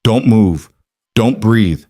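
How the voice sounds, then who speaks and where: A man's voice: on the low side, slow pace, darkish tone, no room sound, clean studio sound. A man doing a terse, hunted mafia boss. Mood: tense. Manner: terse, tense. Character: guarded mafia boss under fire.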